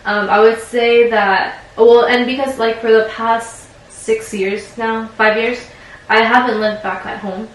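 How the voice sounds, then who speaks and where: A woman's voice: fairly high pitch, steady tone, a little slow. Hesitant young woman in echoey room. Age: 20s. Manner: reflective, hesitant with many fillers. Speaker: client. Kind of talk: counseling session. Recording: very echoey room, distant mic, faint noise.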